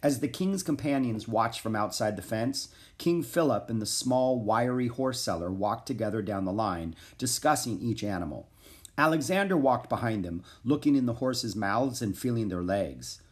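A man reading a children's chapter book aloud, animated and expressive. His pitch rides up and down with the action, sitting in a middle register. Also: normal speed. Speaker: narrator.

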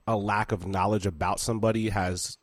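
Podcast host, male, lowish voice, joking, dry close sound. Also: little pitch movement, fairly quick, no room sound. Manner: jokey, laughs a lot, says bro. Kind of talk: casual chat.

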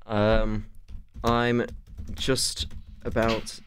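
A man's voice: lowish voice, level tone, drawn-out words, fairly bright tone, a little hiss or hum. A man voicing a greedy, scheming stock trader in a put-on Egyptian accent, drawing out his words like a villain.

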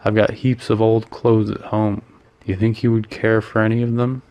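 A man reading the part of an earnest, soft-hearted young gentleman who is easily flustered. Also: on the low side, little pitch movement, moderate pace, muffled recording, close to an everyday voice.

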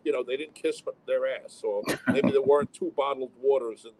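A man's voice: mid-range voice, fairly quick, a little mellow, a little hiss or hum, low-quality recording. A man who owns comedy clubs, talking bluntly and with strong opinions in a casual interview. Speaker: comedy club owner. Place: home town with fire sirens.

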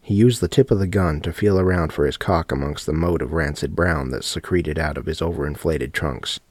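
A man with a very low, deep voice reads a horror audiobook in a steady, matter-of-fact way. The recording is dry and close, with no room sound. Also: brisk, no echo. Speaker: narrator.

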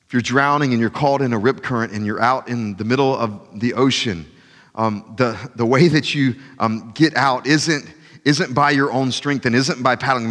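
A man preaching a sermon as pastor, pleading loudly one moment and dropping to a hushed voice the next. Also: fairly high pitch. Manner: impassioned preaching, swings from loud pleading to hushed. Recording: long reverb of a large hall.

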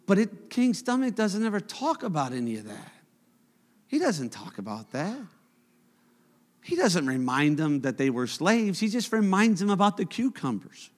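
Brief: male preacher, high and animated, chatty with humor and then emphatic, in a reverberant sanctuary. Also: moderate pace. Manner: conversational and humorous, rising to emphatic. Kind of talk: sermon. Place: church sanctuary. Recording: long church hall reverb.

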